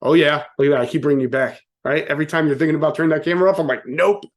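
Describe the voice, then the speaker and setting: Motivational speaker, male, slightly high-pitched, casual and jokey, throws in acted-out quotes. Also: racing. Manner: casual, joking, lots of "right?" asides; acts out quotes with sudden voice changes. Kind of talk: live motivational talk.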